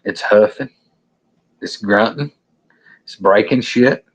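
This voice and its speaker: A man's voice: lowish voice, takes it slowly, lo-fi sound. A man from the South with a Southern US accent, a show guest recounting an encounter in a folksy, blunt and profane storytelling manner. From Alabama.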